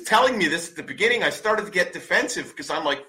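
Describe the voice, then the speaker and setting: A man's voice: high voice, expressive, fast talker, pushed and bright, rough recording. A man in his forties hosting a podcast, delivering a blunt motivational monologue full of swearing and repeated commands. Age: 40s. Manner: emphatic, blunt, swears often; preachy, repeats commands for stress. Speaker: podcast host.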